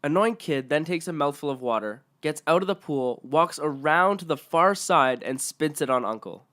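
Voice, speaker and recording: A man's voice: fairly high pitch, animated, moderate pace, fairly bright tone. A man narrating online stories aloud in a matter-of-fact way.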